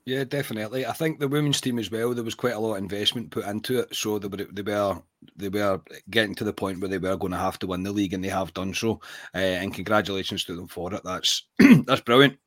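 A man hosts a casual podcast in a fairly low voice, a frog in his throat making him clear it and cough now and then. The sound is dry and close. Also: quick pace, fairly bright tone, no echo. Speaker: podcast host. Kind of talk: casual podcast chat and read ad.

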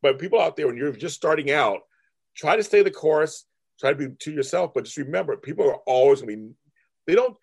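A man in his fifties, a guest artist talking candidly in an interview, blunt and profane, mimicking his family in raised voices. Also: medium pitch. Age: 50s. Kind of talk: candid casual interview talk.

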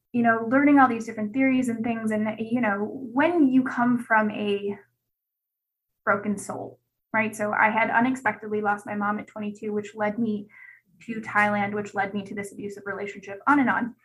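A woman's voice: mid-range voice, little pitch movement, brisk, rough recording. A woman guest telling her own story in a candid, conversational way, with many "like"s. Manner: chatty, peppered with "like". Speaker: guest, gut health specialist.

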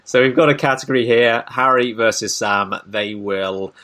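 A man's voice: mid-range voice, normal speed, fairly bright tone. A man hosting a casual podcast discussion, thoughtful and given to restarts. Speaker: podcast host.

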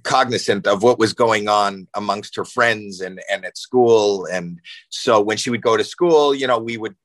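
A man in his sixties, a podcast guest, telling animated stories with lots of fillers and restarts. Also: fairly low pitch, dry recording, rough recording. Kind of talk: casual storytelling.

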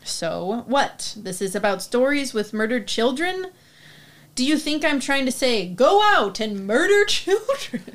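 A woman's voice: sits high, very animated, unhurried. A woman playing a nervous young male writer in a stage play reading, pleading and defensive. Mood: indignant.

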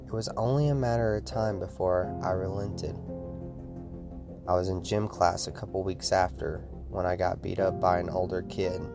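A man with a very deep voice reads a scripted, first-person horror story aloud. His delivery is steady, and music plays steadily behind the narration. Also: normal speed, creaky.

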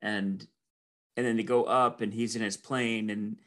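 A man's voice: lowish voice, little pitch movement, measured pace, fairly bright tone. A man in casual conversation, enthusiastically recounting film scenes and often restarting his sentences. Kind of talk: casual movie review chat.

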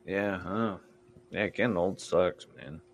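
Slow, deep-voiced man hosting a podcast. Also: a little hiss or hum. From Indiana and Michigan. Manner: slow, easygoing, hesitant with many ums. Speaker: podcast host. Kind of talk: casual chat.

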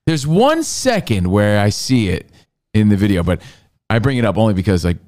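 A man's voice: lowish voice, very animated, moderate pace, darkish tone. A man co-hosting a podcast, telling stories playfully in casual banter. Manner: laughing, playful storytelling. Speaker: co-host.

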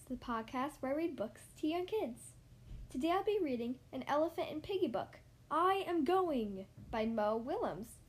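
A woman's voice: sits high, a little mellow. Upbeat woman reading to kids. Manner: friendly, upbeat, speaking directly to listeners. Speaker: podcast host reading books to kids. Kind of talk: children's storybook read-aloud.

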